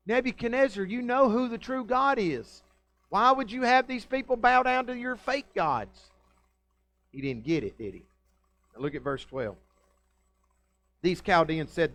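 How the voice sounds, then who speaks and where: A man's voice: a little high, expressive, normal speed, a bit bright. A male pastor preaching a conversational, folksy sermon in a church and often putting questions to the congregation. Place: church sanctuary.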